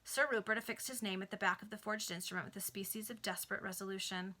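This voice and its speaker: A woman's voice: mid-range voice, fairly even intonation, quick pace, pushed and bright. A woman casually reading a classic novel aloud to friends over a video call, narrating plainly and adding offhand asides. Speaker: reader.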